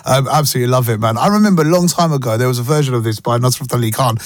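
A man's voice: medium pitch, very fast, dry recording. A man hosting a radio show, chatting casually with playful mock-heartbroken teasing. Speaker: radio host. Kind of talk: casual radio chat over music. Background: songs playing underneath.

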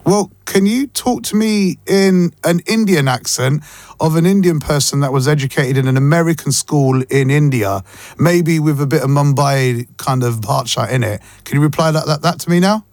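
A man with a London accent hosting a radio show, chatting casually and playfully, quick to laugh. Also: fairly high pitch, darkish tone, no room sound. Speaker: radio host. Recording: dry studio with faint music.

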